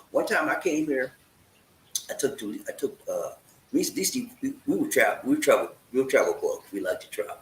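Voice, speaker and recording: Guy giving love advice to the camera, pitch jumping all over, roomy echo, a bit of hiss. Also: moderate pace. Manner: animated, repeats "man", asks rhetorical questions. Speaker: relationship advice host. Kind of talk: casual advice talk to camera. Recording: echoey room with faint noise.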